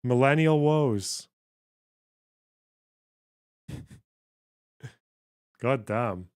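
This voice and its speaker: A male streamer in casual livestream commentary, reacting bluntly and swearing freely. He speaks at a middle pitch and laughs often between remarks. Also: expressive, very slow, a little mellow, smooth. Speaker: livestream host.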